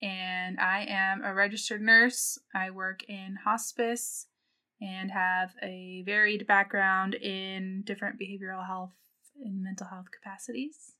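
Slow, bright-voiced woman podcast host. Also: mid-range voice, level tone. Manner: slow, measured, candid. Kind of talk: casual podcast chat.

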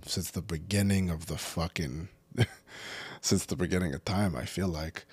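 A man with a very low, husky voice rants, swearing constantly and climbing into loud, heated bursts. The sound is dry and close, with no room around it. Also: steady tone, normal speed, no echo. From California. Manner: profane, heated, builds to shouting. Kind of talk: angry unscripted rant.

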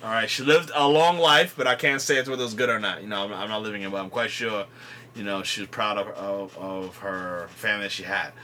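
A man's voice: lowish voice, steady tone, a little fast, sharp tone, slight background noise. A man from New York co-hosting a podcast in casual, rambling chat with frequent restarts. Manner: loose and rambling, with many restarts. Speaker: podcast co-host.

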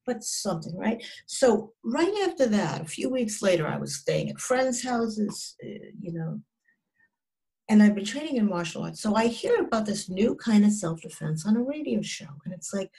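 A woman's voice: medium pitch, lively intonation, normal speed, creaky. A woman in her sixties, a psychotherapist, telling a personal story as an interview guest in an earnest, emphatic way, often restarting and dropping her voice at grim moments.

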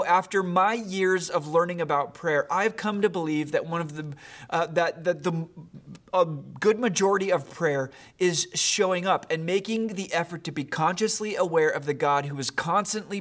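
A man's voice: on the high side, normal speed, a bit bright. A man preaching a sermon as a pastor, reading a story aloud in an earnest way, with many fillers and restarts.

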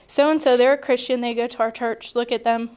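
Smooth, even-toned woman reading verses. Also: a little high. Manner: measured, reads verses then explains with fillers. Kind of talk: casual chat, reading scripture.

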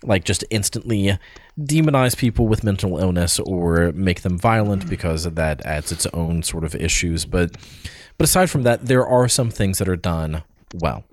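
A man's voice: low voice, animated, normal speed, a little mellow. A man co-hosting a podcast, chatting casually about a film he saw, rambling with restarts and fillers. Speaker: podcast co-host. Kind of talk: casual film review chat.

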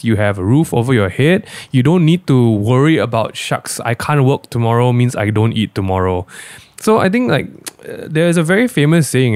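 A man's voice: mid-range voice, darkish tone, smooth, dry recording. Blunt, opinionated man on a dry mic. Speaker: podcast co-host. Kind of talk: casual podcast discussion.

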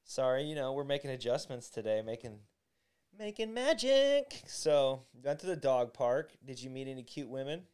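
Joking male podcast host, smooth voice. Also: medium pitch, steady tone, a little fast, few pauses, dark tone. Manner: joking, teasing. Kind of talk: casual podcast banter.

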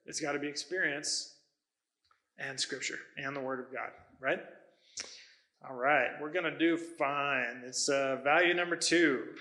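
Bright-voiced man preaching. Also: a little high, fairly even intonation, unhurried, poor audio. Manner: conversational storytelling with self-corrections. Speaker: pastor. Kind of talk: sermon.

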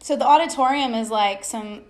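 A woman's voice: fairly high pitch, normal speed. An American woman telling a travel story in casual chat, laughing often and acting out quoted dialogue.

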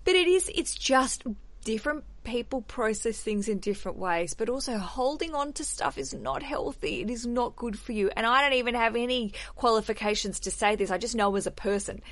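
A woman's voice: fairly high pitch, fairly quick, fairly bright tone, dry recording. A woman hosting a podcast, chatting candidly and swearing casually. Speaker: podcast host.

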